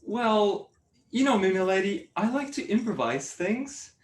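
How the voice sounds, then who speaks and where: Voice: mid-range voice, big pitch swings, measured pace. Cheeky jester narrator, young actor, mid voice, echoey room. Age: young adult. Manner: playful, cheeky. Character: cheeky court jester who tells the tale. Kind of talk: comic stage narration.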